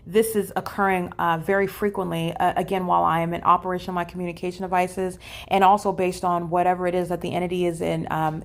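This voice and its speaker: A woman recording a solo vlog monologue in a hotel room, talking emphatically with many "uh" fillers and repeated phrases. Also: lowish voice. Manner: emphatic and repetitive, with frequent fillers. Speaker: vlogger documenting her day. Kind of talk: solo spoken monologue to camera.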